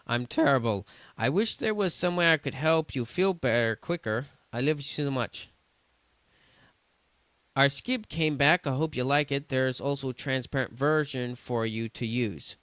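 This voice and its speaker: A man's voice: mid-range voice, moderate pace, a bit bright, no room sound. A man streaming, reading chat messages aloud in a casual, stumbling way with restarts and swearing.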